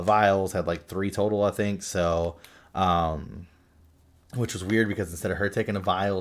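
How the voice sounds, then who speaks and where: A man with a fairly low voice gives a casual spoken film review, loose and unscripted. He rambles along, swearing casually and relying on fillers.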